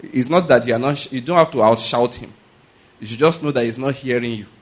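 This preacher talks fast at an ordinary middle pitch, drifting through his sermon in a loose, chatty way. He chuckles, rambles into anecdotes, and keeps asking the congregation "are you getting my point?" and "all right?"

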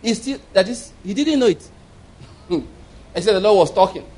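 A man's voice: high voice, lively intonation, moderate pace, darkish tone, husky. A man preaching a sermon, telling a story with frequent chuckles and repeated words.

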